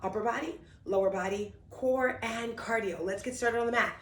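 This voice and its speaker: A woman with a slightly high voice talks viewers through a workout on an exercise mat in a room at home, speaking at normal speed. She's upbeat and encouraging, a little out of breath as she demonstrates. A distant camera mic captures the echoey room.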